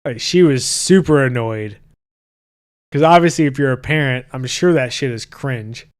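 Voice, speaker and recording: A man's voice: mid-range voice, normal speed. A man in his thirties hosting a podcast, chatting casually and reading viewer comments in a loose, profane way. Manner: loose and profane, with frequent restarts. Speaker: podcast host.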